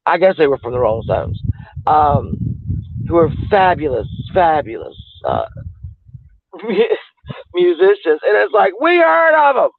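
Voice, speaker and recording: A livestream host chats casually, rambling on and greeting viewers as they arrive. His voice is a little high, sing-song, and creaky, delivered a little slowly with long pauses. The recording sounds tinny and phone-like, and dry.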